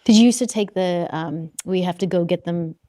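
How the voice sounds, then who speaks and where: A woman in her thirties with a faint Australian accent talks as a podcast guest. She is chatty and quick to laugh. Her voice is recorded dry and close, with no room sound. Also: lowish voice, mellow, no echo. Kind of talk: casual chat.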